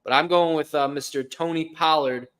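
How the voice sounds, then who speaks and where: A man co-hosting a sports podcast, with a bright, forceful voice that sits a little high for a man. He is loud and jokey, swears freely, and rattles off his game predictions in a casual chat. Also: steady tone, moderate pace, clean tone. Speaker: podcast co-host.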